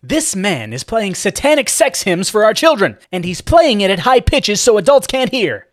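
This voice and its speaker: A man voicing a self-righteous, raging middle-aged mother who makes shrill accusations in a story. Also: sing-song, moderate pace, no room sound, clean studio sound, close to an everyday voice. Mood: indignant.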